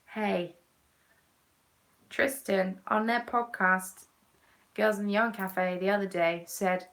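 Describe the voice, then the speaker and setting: A woman's voice: mid-range voice, fairly even intonation, slow pace, long pauses, a bit bright. Chatty English woman with muttered asides. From England. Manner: playful and chatty, muttering asides under her breath. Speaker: crafting vlogger hosting a chat. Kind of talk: casual chat.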